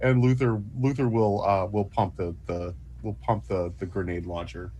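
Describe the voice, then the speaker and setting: A man's voice: on the low side, normal speed, slight background noise. A man playing a tabletop game, describing his character with laughs. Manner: lively, laughing between lines. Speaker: player.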